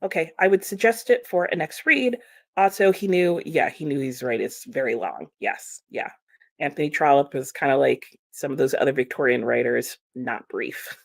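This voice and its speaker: A woman's voice: very deep voice, lively intonation, moderate pace, vocal fry, dry recording, clean studio sound. A young woman with an American accent, hosting a casual livestream and chatting with viewers, laughing often as she reads their comments. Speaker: livestream host reading chat.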